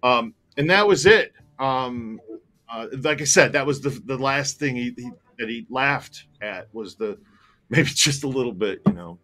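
A man's voice: mid-range voice, expressive, a little slow, bright, forceful tone. A man telling a personal story in casual chat, candid and rambling, swearing freely and growing emotional. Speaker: tour operator telling a story.

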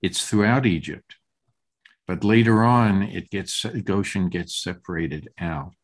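Slow halting older man leading study. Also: low-pitched. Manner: halting, many fillers and restarts. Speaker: study group leader. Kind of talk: group text study discussion.

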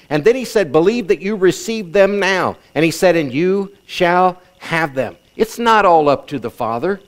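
Middle-aged male pastor, sermon delivery, emphatic and repetitive, voice sits a bit high for a man. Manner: emphatic preaching with repetition and scripture reading.

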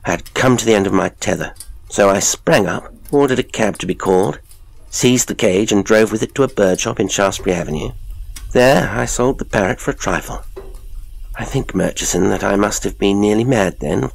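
A man's voice: fairly low pitch, creaky. A man voicing a shaken, proud male professor who is confessing his terror, in a horror audiobook reading. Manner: agitated, heightened, rising to cries.

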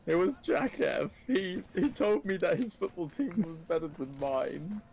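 A man's voice: sits high, lively intonation, a little slow, vocal fry, darkish tone. A British man bantering jokily while playing a game, hamming up his own accent. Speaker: fellow player. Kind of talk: casual gaming banter.

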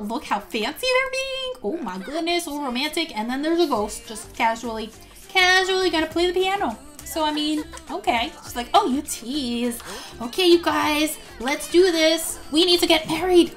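A bubbly, high-voiced woman gushes over gameplay as a gaming YouTuber doing excited let's-play commentary. She gasps frequently and drops quick quoted character asides.

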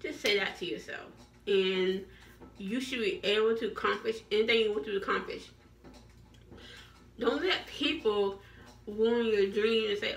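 A woman's voice: mid-range voice, normal speed, recorded from a distance. A woman vlogger giving a repetitive, preachy motivational talk to her viewers. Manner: repetitive, preachy, encouraging, restarts often.

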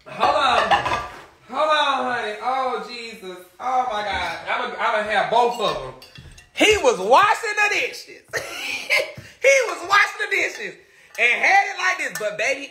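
Man, live-stream storytime, animated, laughing, addresses viewers, high voice, very bright tone.

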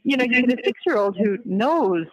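Woman, high voice, earnest and reflective, halting phrasing. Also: animated, poor audio. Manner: earnest, self-searching, trailing off. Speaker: inmate on a recorded call. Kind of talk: reflective conversation.

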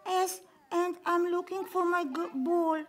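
A tiny, wide-eyed little girl in a children's puppet show, her voice squeaking up very high. She talks slowly and stretches her words, full of gasps and exclamations. She sounds earnest and childlike throughout. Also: steady tone. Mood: worried. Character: excitable little girl Poppy hunting her lost ball. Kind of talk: live children's puppet theatre.

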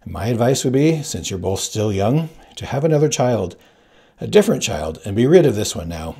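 A grave village midwife gives ominous advice in a dark, gravelly voice, as a male reader puts her on. She talks softly and slowly. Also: fairly low pitch, big pitch swings, exaggerated voice.

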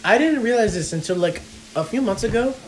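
A man's voice: high voice, brisk, slight background noise, low-quality recording. A man from New Jersey with a slight New Jersey accent, chatting casually with friends and restarting his sentences often. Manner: animated, stammering restarts. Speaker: podcast co-host. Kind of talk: casual chat among friends.

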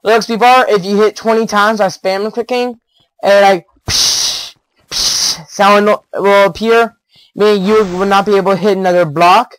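A teenage boy giving rambling, excitable gameplay commentary on a headset mic, with giggles and sudden loud outbursts. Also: high voice, normal speed, smooth, dry recording, poor audio. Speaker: gaming YouTuber.

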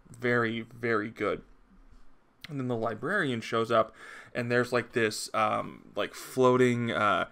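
A man talks through a comic book review in a casual vlog. His lowish voice is gravelly and bright, and he sounds eager as he chats along with plenty of ums and uhs. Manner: enthusiastic, chatty, frequent uh and um fillers.

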